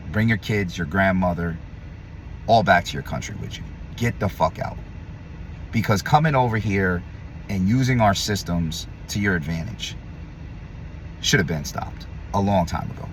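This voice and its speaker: A man delivering a heated, blunt opinion rant to camera, profane and combative, swinging between loud emphasis and low muttering. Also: expressive, moderate pace, a little hiss or hum. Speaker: vlogger.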